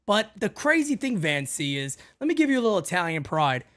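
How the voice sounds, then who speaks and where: Bronx-accented man, co-host, brash casual rant, very animated pitch. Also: a little fast. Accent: Bronx New York. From the Bronx, New York. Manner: brash, swears freely, rants loudly. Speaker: co-host of a fan show. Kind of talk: casual chat.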